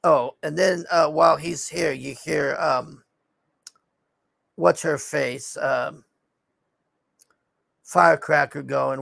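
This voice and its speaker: Gravelly man ranting, fed up. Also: fairly high pitch, steady tone, slow pace, long pauses, fairly bright tone, dry recording. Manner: frustrated, profane ranting; rambling with frequent fillers. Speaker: TV show reviewer. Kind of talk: casual recap and rant.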